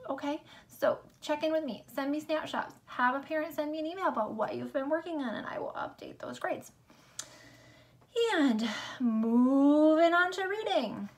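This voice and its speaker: A woman teaching a remote lesson to young children, upbeat and sing-song, speaking slowly and clearly. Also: high voice. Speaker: elementary school teacher.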